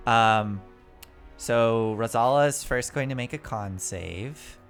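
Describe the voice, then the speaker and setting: A man narrating as game master for a tabletop game, halting and relaxed with many fillers. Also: mid-range voice, soft background music.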